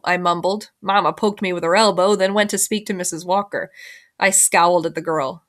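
A woman's voice: fairly low pitch, moderate pace, fairly bright tone. A woman, a teacher, reading a novel aloud expressively and voicing the characters.

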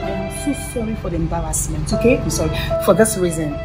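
A woman playing a quick-tempered furniture shop manager who scolds her worker and soothes customers. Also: on the high side, big pitch swings, over loud music. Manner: bossy, scolding, then polite and soothing to customers. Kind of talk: comedy skit acting.

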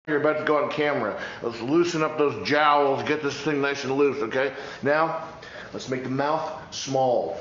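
A man acting as a coach who leads vocal warm-ups in a soothing voice, then announces in a hyped-up way. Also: medium pitch, a little slow. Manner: soft and soothing when guiding, loud and hyped when announcing. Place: room in a shared house. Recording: echoey, dull, noisy room mic.

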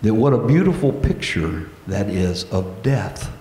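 Male pastor, low voice, slow deliberate sermon delivery, reverberant sanctuary sound. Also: big pitch swings, warm tone. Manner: earnest, slow preaching with prayerful pauses. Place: church sanctuary. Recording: echoey church hall.

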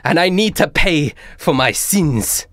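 A man voicing a frail old male nature priest with a French accent, halting and fearful. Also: on the high side, animated, a bit bright, no echo, clean studio sound, pitched above the performer's own voice. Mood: anguished.

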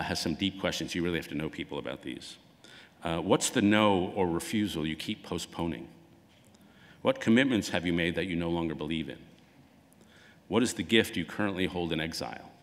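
A man giving a conversational public talk as an author, acting out quoted dialogue as he goes. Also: low-pitched. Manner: conversational, acts out quoted dialogue with lively swings. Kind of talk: public lecture. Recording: long hall reverb.

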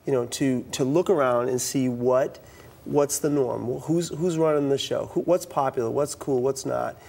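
A middle-aged man from the US East Coast tells stories in a talk-show interview, and his voice has a gravelly texture. His pitch sits in the ordinary middle range for a man. He talks animatedly, restarts his sentences often, and acts out the lines of the people in his stories. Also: moderate pace. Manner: animated, acts out quoted dialogue, frequent restarts. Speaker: youth speaker.

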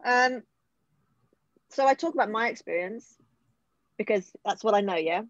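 A middle-aged woman with a British accent, speaking from the heart in an emotional, halting way, pausing and restarting as she opens up. Her voice sits at an ordinary pitch. It comes through a slightly dull, muffled online call with no room echo. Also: lively intonation. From United Kingdom. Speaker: guest. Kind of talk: personal recovery story in conversation.

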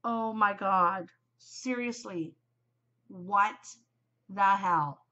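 A middle-aged woman hosts her own podcast, chatting in a gushing, openly emotional way that keeps drifting into small asides. Her middling-pitched voice is very slow, pushed and bright. The lo-fi recording sounds muffled, like a home setup.

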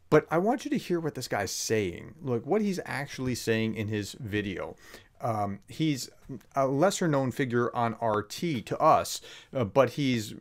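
A man's voice: sing-song, normal speed, gravelly. Sarcastic male professor giving commentary. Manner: conversational, sarcastic, emphatic rising pitch. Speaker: professor explaining war context. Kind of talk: video commentary on a clip.

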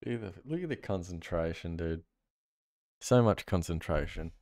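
Deep-voiced man making amused remarks. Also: moderate pace, vocal fry, darkish tone, a little hiss or hum. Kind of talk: playful commentary. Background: music.

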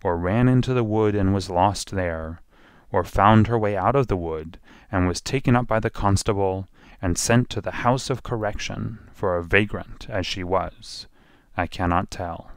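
A man's voice: lowish voice, moderate pace, clear, resonant tone, no echo, studio quality. A man narrating a children's storybook expressively, drawing out repeated phrases.

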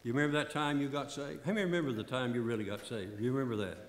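A man's voice: mid-range voice, fairly even intonation, very fast. An older man preaching a fervent sermon as pastor, repeating phrases for emphasis. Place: church sanctuary. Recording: echoey church sanctuary.

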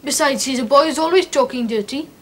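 An actress playing an earnest, curious young schoolboy in a 1970s television drama. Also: female voice, sits high, quick pace, a bit bright, a little hiss or hum. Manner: earnest, wide-eyed.

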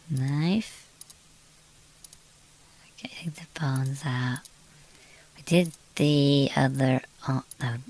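A British woman streaming a game, talking casually and muttering to herself as she plays. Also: a bass voice. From Britain. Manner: chatty, exclaiming, muttering to herself. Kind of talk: casual gameplay commentary.

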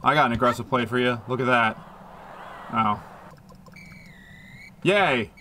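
Goofy slow-talking gaming guy. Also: mid-range voice, bright, forceful tone, slight background noise. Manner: goofy, rambling, jokey reactions to the game. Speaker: gaming channel host. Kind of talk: casual let's-play commentary. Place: home room with a fan. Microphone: desk microphone.

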